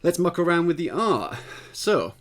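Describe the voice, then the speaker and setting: A man giving a casual spoken singing lesson, explaining step by step and checking in with the listener, his voice tired and slightly husky. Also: a little high, big pitch swings, normal speed. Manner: explanatory, conversational, often checks in with "right?". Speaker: voice teacher.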